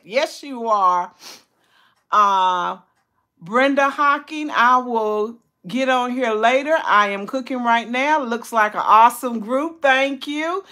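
Older woman hosting a slow, chatty livestream; bright, high voice. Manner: reads out viewer comments, greets them warmly by name; excited high squeals and laughter when greeting friends. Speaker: cooking channel host. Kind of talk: casual livestream chat.

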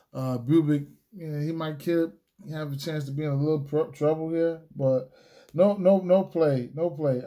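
A man's voice: mid-range voice, warm tone. A man giving sports betting picks in a casual solo video, rambling with lots of fillers, restarts and slang. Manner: laid-back slangy talk. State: hiccups.

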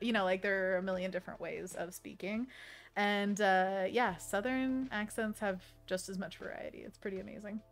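A woman's voice: medium pitch, lively intonation, measured pace, soft background music. A young woman with a Pacific Northwest American accent, hosting a casual art livestream, bubbly and giggly as she chats with viewers while painting. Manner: bubbly, giggly, reads chat aloud. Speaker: livestream host and digital artist.

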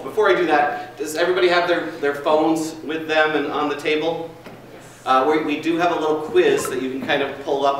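A man's voice: mid-range voice, a bit bright. A man telling a folksy, rambling workplace story, then running a staff training session in a large meeting room. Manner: rambling, folksy, chatty with fillers. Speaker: food and beverage trainer. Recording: distant, very echoey room with faint noise.

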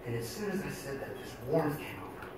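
A man telling a profane story on stage, shifting from hushed confession to shouting. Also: medium pitch, sing-song, brisk. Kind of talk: live storytelling monologue. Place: small music club, indoors. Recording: echoey, distant, noisy club recording.

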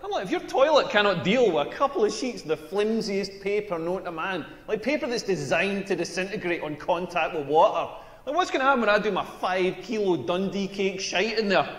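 A brash Scottish stand-up comic. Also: male voice, sits high, a little fast. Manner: crude, brash deadpan punchlines. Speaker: stand-up comedian. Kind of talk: stand-up comedy set. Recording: echoey hall with long reverb.

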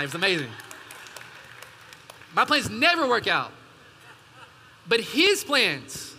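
A man preaches from the pulpit in a very high, sharp and bright voice. He pushes his points hard and throws questions to the congregation. The sound carries a long reverb from the church hall. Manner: emphatic preaching with call-and-response asides. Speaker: pastor. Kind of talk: sermon.

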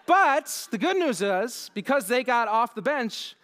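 A young man giving a conference keynote, telling a funny story and acting out his own lines with lively, self-deprecating energy. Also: very high voice, unhurried. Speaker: keynote speaker. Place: conference hall.

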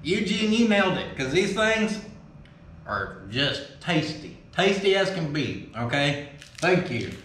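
Excitable folksy man, high voice. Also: measured pace, a little hiss or hum. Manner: folksy, excitable, swears casually. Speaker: vlog host opening fan mail. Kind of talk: casual chat. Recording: roomy echo.

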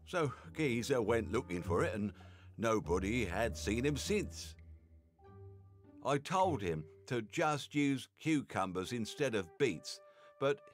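A man's voice: mid-range voice, voice pushed up, close to an everyday voice. A man voicing Sarunia, a dramatic village man who drags out his words for effect. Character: dramatic village man, old friend, sullen and pushy. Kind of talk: game voice acting.

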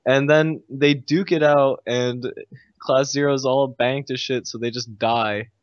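A man's voice: mid-range voice, steady tone, a little slow, no echo. A young man casually ranting about a game, exasperated and sarcastic, with frequent sighs. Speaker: gamer recounting a game. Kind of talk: casual rant to camera. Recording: dull lo-fi dry recording.

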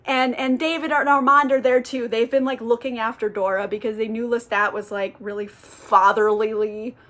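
A woman's voice: on the high side, steady tone, moderate pace, fairly bright tone. A young woman recapping a novel in a chatty, profane, casual way, full of filler words. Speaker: book reviewer.

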